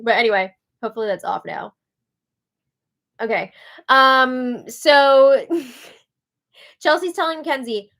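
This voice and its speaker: A woman hosting a live recap, talking casually with sarcastic asides and frequent laughter, swinging between loud outbursts and hushed remarks. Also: on the high side. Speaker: host.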